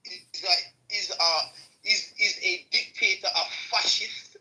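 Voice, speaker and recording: A man argues in a live audio room in loose street slang, tripping over his words as he restarts. His voice sits high and sounds very bright and sharp. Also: fairly even intonation, slow pace, poor audio. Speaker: audio chat room participant. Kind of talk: casual political debate in an audio room.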